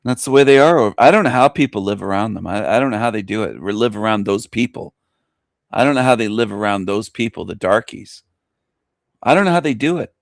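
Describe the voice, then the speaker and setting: A man's voice: lowish voice, expressive, fairly quick, creaky, no echo, studio quality. A male radio host in a crude, ranting shock-jock monologue, who often laughs at his own jokes.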